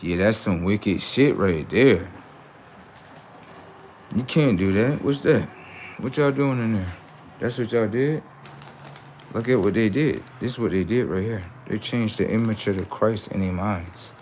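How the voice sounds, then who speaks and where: A man hosting a livestream, ranting in a preachy, confrontational way and talking back to his chat, swinging from loud outbursts to low mutters. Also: unhurried, long pauses, a little hiss or hum. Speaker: livestream host. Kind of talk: casual livestream rant.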